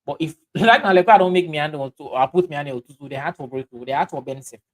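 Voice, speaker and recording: A man with a Sierra Leonean Krio accent hosting a livestream, reading out viewer comments in halting speech full of fillers and restarts. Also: a little high, low-quality recording. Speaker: livestream host.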